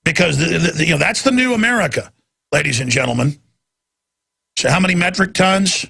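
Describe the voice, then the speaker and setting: Angry raspy radio guy ranting, sarcastic, pretty high for a man. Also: expressive, a little fast, pushed and bright. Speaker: talk radio host. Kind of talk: ranting talk radio monologue.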